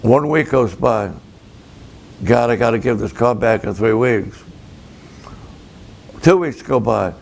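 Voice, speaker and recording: A pastor speaks in a slow, deliberate cadence, his voice carrying a gravelly rasp. He tells his story dramatically, stepping into each person's voice as the conversation unfolds. A faint rumble hums behind him. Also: lively intonation. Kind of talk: storytelling sermon to camera.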